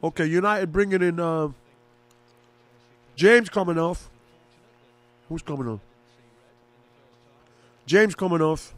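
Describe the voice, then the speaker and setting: A fairly high-pitched man calls a football match live like a fan, chatty and quick to get excited over each attack. His voice sits close and dry, with no room sound around it. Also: no echo. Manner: casual, excitable, rooting for one side. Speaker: fan commentator. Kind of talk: live match commentary and reaction.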